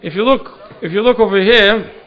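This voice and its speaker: A man's voice: sits high, fairly quick, highs cut off. A man, a rabbi, giving a Torah study lecture in a synagogue hall, earnest and often repeating words as he searches for them. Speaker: rabbi teaching a class.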